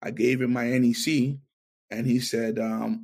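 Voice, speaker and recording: Gravelly, husky male storyteller. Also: medium pitch, brisk. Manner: animated storyteller, acts out dialogue. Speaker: interview guest. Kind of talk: testimony interview.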